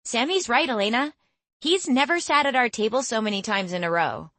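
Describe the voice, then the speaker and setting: Bubbly teen girl, sing-song and high, excitable, put on by a woman narrator. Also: brisk, no echo. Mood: excited.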